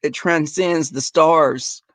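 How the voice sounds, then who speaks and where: A young adult man chatting casually and profanely to viewers in a livestream, telling animated stories. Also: fairly high pitch, slow, dry recording. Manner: profane, animated storytelling, talks to viewers as y'all. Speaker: livestream host.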